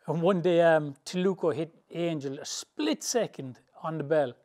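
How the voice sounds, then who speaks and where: This man speaks at normal speed in a fairly high voice. He's a boxing trainer from England, and in an interview he tells animated, rambling anecdotes in loose, colloquial language, frequently laughing as he goes.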